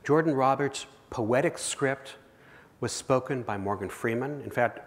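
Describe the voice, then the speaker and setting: A man's voice: medium pitch, a little slow. A man giving a keynote speech, telling a vivid second-person story to a live audience in a large auditorium. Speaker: keynote speaker. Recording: long reverb of a big hall.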